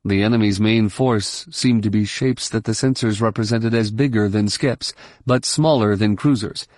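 A man narrating an audiobook in a steady, measured storytelling voice. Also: fairly low pitch, no room sound, studio quality. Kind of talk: scripted narration.

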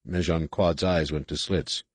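A man narrating a science fiction audiobook in a measured, even storytelling manner. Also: a bass voice, dry recording, clean studio sound. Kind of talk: scripted narration.

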